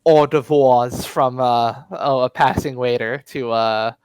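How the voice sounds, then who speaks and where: A man's voice: mid-range voice, fairly even intonation, slow, darkish tone, clear, resonant tone, no echo, rough recording. A man narrating as game master in a tabletop game, rambling with many fillers.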